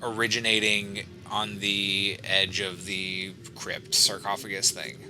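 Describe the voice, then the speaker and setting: A man's voice: on the low side, completely flat delivery, takes it slowly, noisy background. A man playing a tabletop game, thinking aloud hesitantly as he decides his moves. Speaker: player.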